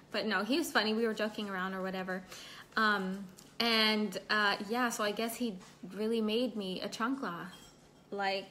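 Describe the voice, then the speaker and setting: A woman's voice: medium pitch, fairly even intonation, moderate pace, sharp tone, slight background noise. Chatty young woman on a livestream. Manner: chatty, reads and answers live comments, laughs often. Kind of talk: casual livestream chat.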